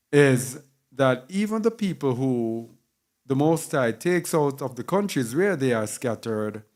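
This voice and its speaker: A man teaching a sermon with emphasis, repeating key words and spelling some out letter by letter. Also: medium pitch. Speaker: Bible teacher.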